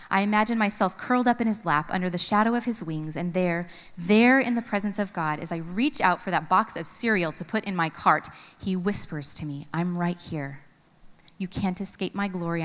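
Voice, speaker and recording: A woman in her thirties reads from her journal at a women's conference. She tells it with earnest feeling, and her pitch rises high on questions. Her voice rings in a large hall with a long echo. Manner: earnest, storytelling, expressive swings in pitch. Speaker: conference speaker. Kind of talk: reading a personal journal aloud to an audience.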